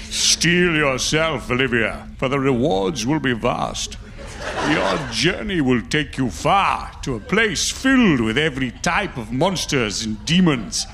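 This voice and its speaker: A stately elderly captain-actor, played by a man, who speaks slowly and gravely with a gravelly edge. He is commanding and deliberate, like a comedy sketch impression. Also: medium pitch, animated, fairly bright tone, a little hiss or hum.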